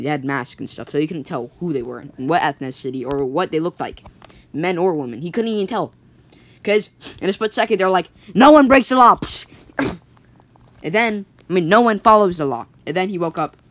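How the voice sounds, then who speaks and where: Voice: mid-range voice, no echo. Rambling casual storyteller. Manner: rambling, many fillers and restarts.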